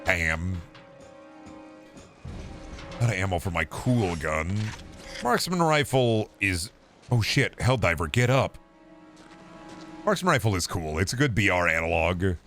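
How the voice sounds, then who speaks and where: A man's voice: low-pitched, lively intonation, measured pace, pauses often, fairly bright tone, faint music behind. A man streaming a video game, rambling in casual, profane, jokey commentary. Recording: game noise behind. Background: video game sound.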